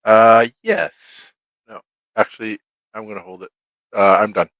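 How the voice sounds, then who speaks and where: Gravelly low-voiced waffling man. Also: a little slow, a bit bright, dry recording, rough recording. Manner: hesitant, waffling, second-guessing. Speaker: player. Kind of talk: tabletop game chat.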